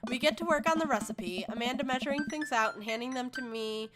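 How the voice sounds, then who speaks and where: A woman's voice: sits high, quick pace. Woman streamer, casual, chatty, reading a game aloud, game music behind. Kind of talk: reading a visual novel aloud.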